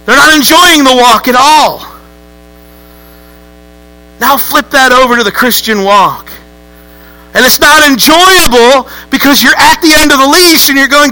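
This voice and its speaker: Male pastor, high and very bright voice, lively joking sermon delivery. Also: unhurried, long pauses, soft background music, low-quality recording. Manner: lively, joking, acts out voices with rising outbursts. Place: church sanctuary with congregation.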